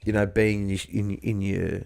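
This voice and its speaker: A man hosting a casual livestream chat, friendly and halting, often repeating words. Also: fairly low pitch, little pitch movement, vocal fry, a little mellow, clear, resonant tone, dry recording, clean studio sound. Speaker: livestream host.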